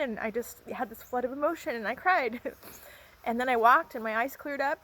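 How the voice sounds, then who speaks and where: A woman vlogger talking casually and earnestly about grief, gentle and reflective, with many fillers and restarts as she gives encouraging faith-based advice. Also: sits high, moderate pace. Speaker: vlogger sharing personal grief experience. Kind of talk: casual heartfelt talk to camera.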